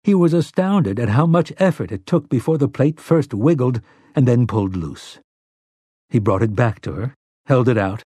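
A man narrating an audiobook in a measured, steady storytelling manner. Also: medium pitch, breathy edge, dry recording, clean studio sound. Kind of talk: scripted narration.

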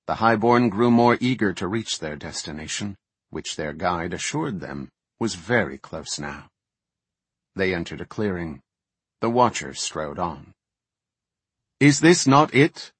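Male narrator, fantasy audiobook, low pitch, husky, very slow, dry sound. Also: fairly bright tone, no echo.

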